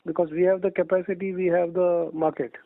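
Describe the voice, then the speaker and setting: Fast, gravelly analyst on a phone line. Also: male voice, high voice, level tone, no echo. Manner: rapid, mixes Hindi and English, deferential "sir". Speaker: analyst asking questions. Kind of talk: earnings call questions.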